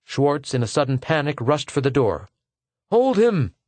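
Measured male audiobook narrator. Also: medium pitch, a little mellow, dry recording. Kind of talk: scripted narration.

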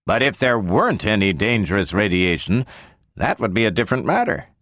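A man reading the part of a brisk male scientist who questions a robot in a probing, sometimes sharp way. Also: lowish voice, sing-song, no room sound, clean studio sound, exaggerated voice.

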